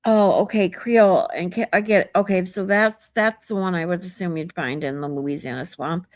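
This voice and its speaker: A woman's voice: fairly low pitch, moderate pace, no echo. A woman hosting a livestream in casual chat, reading viewer comments and greeting them in a frank, chatty way that is peppered with swearing. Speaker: livestream host.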